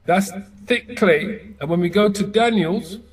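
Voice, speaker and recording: A man teaching a casual Bible word study, halting and correcting himself as he repeats Hebrew sounds, sometimes laughing at his own pronunciation. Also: high-pitched, crowd noise.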